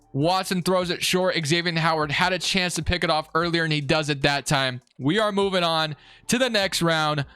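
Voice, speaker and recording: A young man giving live commentary on his own football video game, excitable and swinging between frustration and hype. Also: a little high, smooth, no room sound. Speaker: gaming YouTuber.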